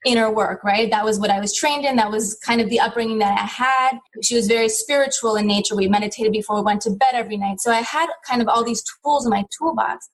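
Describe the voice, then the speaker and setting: A woman's voice: fairly high pitch, quick pace, few pauses, rough recording. A woman in her thirties, a guest on an interview podcast, telling a personal story in a reflective, heartfelt way, with many "you know" fillers.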